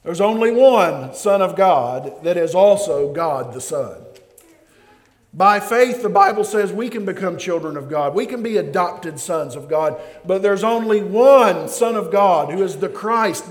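Preacher guy, high voice, slow deliberate delivery, big booming sanctuary reverb. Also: lively intonation. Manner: emphatic preaching, swells and drops in volume; calls on the congregation to respond. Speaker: pastor. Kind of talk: sermon. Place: church sanctuary. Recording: long reverb of a large hall.

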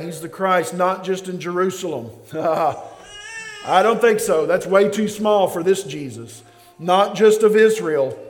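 A man preaching a sermon in a church, swinging between loud emphasis and quiet drops, calling on the congregation to respond. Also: high voice. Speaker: pastor. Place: church sanctuary. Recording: long reverb of a large hall.

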